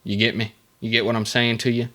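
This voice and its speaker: A man hosting a casual solo podcast. He reads facts aloud, then breaks off into rambling, jokey asides with lots of halting fillers and restarts. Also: mid-range voice, flat delivery, a bit bright. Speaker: podcast host.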